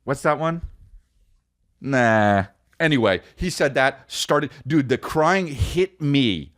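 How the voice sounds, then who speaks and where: A man's voice: mid-range voice, animated, slow pace, a bit bright, no room sound, clean studio sound. A man in his forties hosting a casual comedy podcast, rambling and joking and now and then breaking into off-key singing. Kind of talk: casual solo podcast chat.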